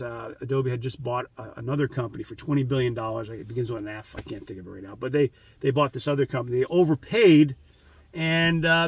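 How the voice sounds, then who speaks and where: Husky-voiced man rambling casually. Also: a little high, no echo, distant mic. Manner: rambling, anecdotal, many restarts and fillers. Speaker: trading channel host. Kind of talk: casual monologue.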